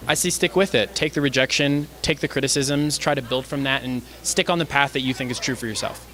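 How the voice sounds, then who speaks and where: A man's voice: mid-range voice, fairly even intonation, fairly quick, pushed and bright. A young man from Canada, an actor being interviewed, friendly and easygoing, laughing often. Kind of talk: casual interview.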